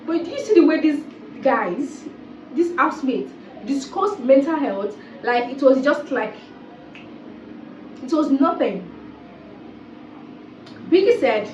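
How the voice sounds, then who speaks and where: A reality TV commentator with a high-pitched, expressive voice offers casual, exasperated remarks, speaking a little slowly and repeating phrases for emphasis. The recording sounds roomy, distant and dull, with a little hiss or hum.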